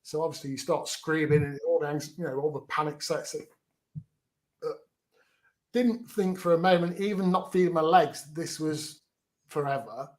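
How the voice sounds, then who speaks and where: A man's voice: fairly high pitch, normal speed. A middle-aged man, frankly recounting his own story as a guest in an interview, often restarting his words. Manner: frank, plain-spoken, repeats words as he restarts.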